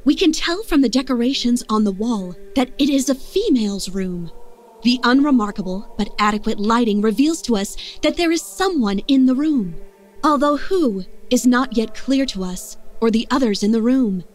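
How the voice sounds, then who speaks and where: An actress voicing a detached, clinical female narrator, measured and eerie in her description. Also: a little high, lively intonation, lightly acted. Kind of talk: scripted game narration.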